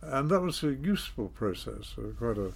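An older man, telling his story in a measured, self-deprecating way in an interview. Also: mid-range voice, expressive, gravelly, a little hiss or hum. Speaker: interview guest, former politician. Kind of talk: reflective storytelling.

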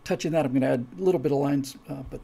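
Gravelly, enthusiastic man chatting. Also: mid-range voice, rapid-fire, warm tone. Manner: enthusiastic, rambling, many restarts. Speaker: writer and director of his own project. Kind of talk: casual talk to viewers.

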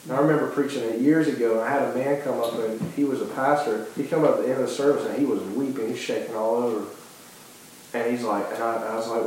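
A man's voice: mid-range voice, fast talker, darkish tone, slight background noise. A man preaching a sermon with passion, often restarting phrases and acting out quoted dialogue. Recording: very echoey hall.

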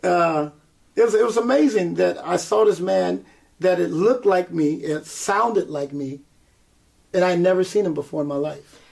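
This man's voice is high-pitched and creaky, at a moderate pace. A guest singer and performer, he tells his story in an interview, acting out quotes and laughing often.

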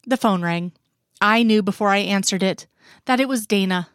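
A woman's voice: mid-range voice, moderate pace, fairly bright tone, clean tone, dry recording. Woman reading a story, dry close sound. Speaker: reader. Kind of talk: scripted narration of a story.

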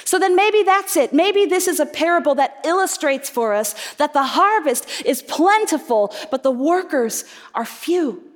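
A woman's voice: sits high, moderate pace. A woman preaching a sermon, earnest and reflective, posing rhetorical questions to her congregation. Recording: reverberant hall.

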